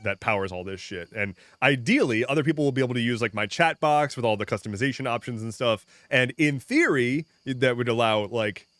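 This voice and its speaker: A man's voice: medium pitch, fairly quick, hardly any pauses, fairly bright tone, dry recording, studio quality. Rambling jokey male game streamer. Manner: rambling, jokey, talks to chat; frequent restarts and swearing. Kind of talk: casual live-stream chat while gaming.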